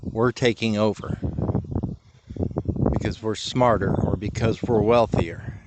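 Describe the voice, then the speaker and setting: A man vlogging outdoors on a trail, tearful and emotional, talking in a halting, heartfelt way with pauses and restarts. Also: lowish voice, background noise. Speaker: motorcycle travel vlogger. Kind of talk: emotional reflective monologue.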